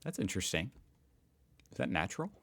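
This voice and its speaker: A man's voice: sits low, big pitch swings, fairly quick, gravelly, fairly bright tone. An American man hosting a reaction video, reading posts aloud and reacting in a chatty, joking way. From United States. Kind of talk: casual reaction commentary.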